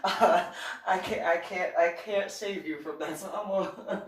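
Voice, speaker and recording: A woman's voice: medium pitch, fairly even intonation, a little slow. A woman telling a comic personal story, laughing often and acting out each person in it. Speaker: reverend and vlogger. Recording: roomy, distant mic.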